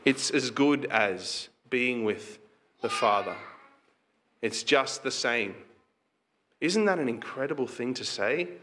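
Man, pastor, conversational sermon, rhetorical questions, bright tense tone. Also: mid-range voice, animated, slow pace, long pauses, a little hiss or hum.

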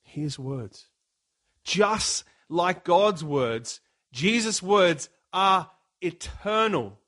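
A middle-aged pastor preaching a sermon, earnest and emphatic with dramatic pauses. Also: male voice, sits high, animated, a bit bright.

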